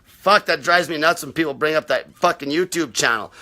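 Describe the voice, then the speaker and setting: A man with a high, piercing, tense voice rants on a live stream, answering viewers bluntly and combatively. He swears almost constantly and talks in an aggressive, no-nonsense way. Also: a little fast, bright, forceful tone. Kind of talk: unscripted live rant.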